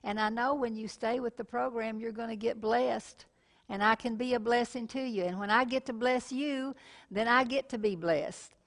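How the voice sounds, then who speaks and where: A woman's voice: a little high, moderate pace. A middle-aged woman preaching a televised sermon in a folksy way, calling listeners honey and telling personal stories.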